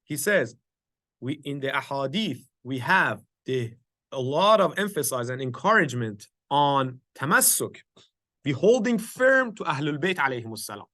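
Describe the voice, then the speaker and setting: A man's voice: medium pitch, very animated, normal speed, bright, forceful tone, dry recording, studio quality. A man leading an informal religious study circle from his home office, explaining step by step with fillers and restarts and often checking in with his listeners.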